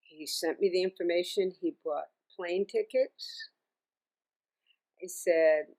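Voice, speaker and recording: A middle-aged woman, a singer and music teacher, telling stories as an interview guest in a chatty, animated way, often laughing and restarting her sentences. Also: on the low side, slow, pauses often. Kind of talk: casual interview storytelling.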